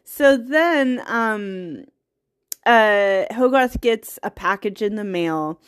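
A woman's voice: medium pitch, lively intonation, takes it slowly, clean tone. A young woman eagerly retelling a film's plot in casual, rambling talk, laughing often and getting teary. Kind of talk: casual movie recap.

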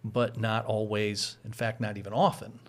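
A man's voice: on the low side, little pitch movement, normal speed. A man who is a pastor, explaining church practice in a casual teaching chat, patient, with frequent chuckles.

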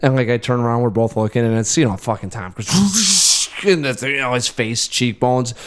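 A man's voice: medium pitch, moderate pace, a little hiss or hum. A man in his thirties co-hosting a casual movie podcast, swearing freely and telling stories with quoted voices. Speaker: podcast co-host. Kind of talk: casual film chat.

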